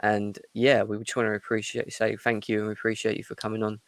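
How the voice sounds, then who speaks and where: A man hosting a casual podcast, reading out viewer questions in a relaxed, easygoing way. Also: fairly low pitch, quick pace, no room sound. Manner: relaxed, easygoing, laughs along. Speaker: podcast host.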